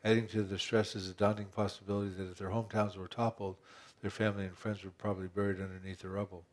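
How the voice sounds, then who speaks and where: A man's voice: fairly low pitch, flat delivery, quick pace. A man pastor preaching a conversational sermon, asking rhetorical questions and often restarting his phrases.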